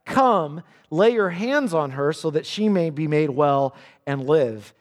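A man's voice: a little high, expressive, slow, long reverb tail. A man voicing a desperate father begging for help for his dying daughter, urgent and pleading.

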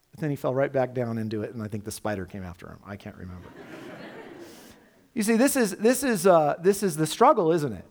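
In a large hall, a male pastor with a fairly high voice preaches a sermon in an animated, conversational way. He fills it with rhetorical questions.

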